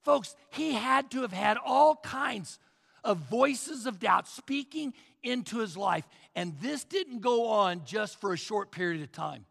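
A man's voice: high voice, animated, measured pace, vocal fry, fairly bright tone, big-room sound. A male pastor preaching a sermon with emphatic repetition, often addressing the crowd as folks.

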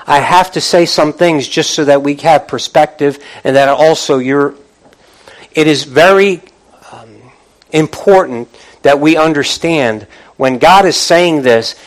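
Preaching man with halting restarts. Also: rough recording. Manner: call-and-response preaching, rising in pitch and volume when fired up; halting restarts and repeated words. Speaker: pastor. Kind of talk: sermon.

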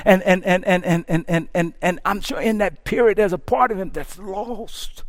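A man preaching from the pulpit, his voice pitched high, sinks almost to a whisper before rising into passionate shouting, tripping over repeated words as his fervor mounts. He keeps a moderate pace with barely any pauses. The recording is dry and close-miked, with no sense of the room.

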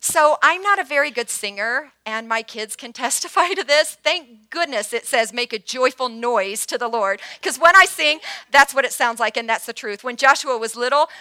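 Woman pastor in her fifties, bright and fairly high, dry close sound; earnest sermon delivery with hushed prayers. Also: lively intonation, moderate pace, hardly any pauses, no room sound. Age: 50s.

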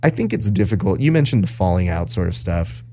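A man hosting a podcast, telling stories in casual chat and acting out quoted voices with lively jumps in pitch. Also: fairly quick. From Southern California. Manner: animated storyteller, acts out quotes. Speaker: podcast host and jiu-jitsu broadcaster.

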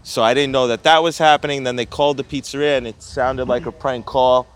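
A man's voice: medium pitch, steady tone, brisk. A young man, a pizzeria owner telling a story in casual chat, profane and often laughing.

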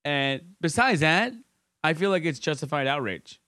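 A man riffs profanely on a podcast, animated and quick to laugh. His voice is a little high and the sound is dry and close. The talk is loose and casual. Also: no room sound. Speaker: podcast guest.

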